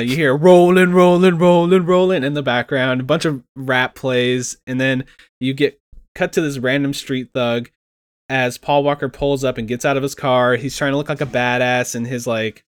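A young man casually recapping a movie scene by scene, animated and laughing as he acts out the lines. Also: medium pitch, moderate pace, no room sound. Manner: laughing, animated retelling with acted quotes.

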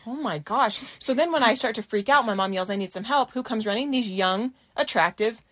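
A woman's voice: fairly high pitch, a little fast, no echo, clean studio sound. A young woman co-hosting a podcast, telling a story with laughter and acting out quoted voices. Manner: animated, laughing, acts out quotes. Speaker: podcast co-host. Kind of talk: casual storytelling chat.

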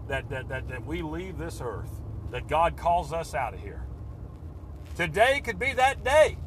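A man preaching a sermon with fervent, repetitive phrasing that swells and then drops to a hush. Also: sits high, slight background noise.

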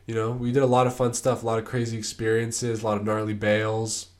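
A man's voice: lowish voice, completely flat delivery, brisk. A young man hosting his own podcast, telling stories in a laid-back, rambling way with lots of fillers. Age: young adult. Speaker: podcast host. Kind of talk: casual solo podcast storytelling.

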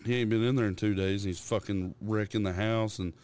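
A man's voice: fairly low pitch, fairly even intonation, fairly quick, a little mellow, smooth. A young man on a podcast, casually telling profane, rambling stories about his toddler and mimicking the kid's noises. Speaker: podcast co-host.

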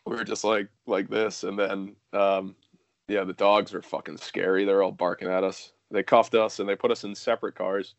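A man's voice: fairly low pitch, flat delivery, normal speed, gravelly, no room sound. A young man telling a story casually, rambling with lots of fillers and swearing.

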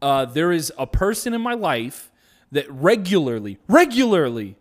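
Animated high-voiced young man joking. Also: normal speed. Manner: animated, acts out quotes in exaggerated voices. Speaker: podcast co-host. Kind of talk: casual comedic chat.

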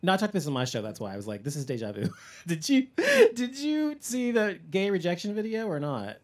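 Animated, laughing middle-aged male podcast host. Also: sits high, fairly quick. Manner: animated storyteller, laughs often, acts out quotes. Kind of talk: casual chat.

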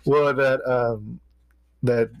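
A man's voice: medium pitch, steady tone, extremely slow, vocal fry, smooth, dull audio. A man co-hosting a podcast in casual chat, rambling and hesitant with many restarts. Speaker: podcast co-host.

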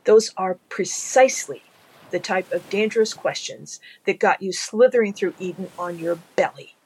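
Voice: medium pitch, moderate pace, darkish tone, husky. A reader voicing a prim, fussy angel. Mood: prim scolding. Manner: earnest, scolding. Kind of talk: fan audiobook narration.

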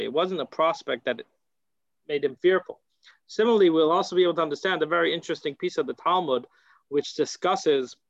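A man's voice: a little high, dry recording, muffled recording. An American man teaching a Torah class, talking in a conversational way and asking rhetorical questions.

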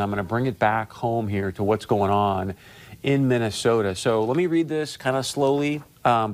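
A man hosting a political commentary show, talking straight to his audience with emphatic, repeated phrases. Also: mid-range voice. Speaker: talk show host.

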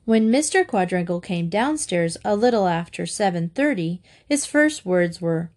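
A woman narrating a children's story aloud, lively and shifting her voice higher for the children's lines. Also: moderate pace, hardly any pauses. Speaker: audiobook reader.

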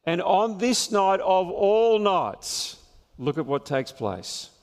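High-voiced preacher in an echoing hall. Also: male voice, slow. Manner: animated storytelling, chuckling at his own jokes. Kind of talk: sermon.

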